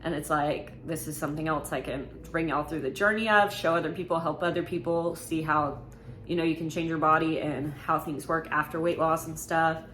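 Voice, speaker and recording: A woman's voice: sits low, fairly even intonation, a little fast, fairly bright tone, slight background noise. A woman, talking casually through a Q&A vlog, frank and full of fillers. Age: 20s. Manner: chatty, filler-heavy, frank. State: slightly out of breath. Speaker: vlogger.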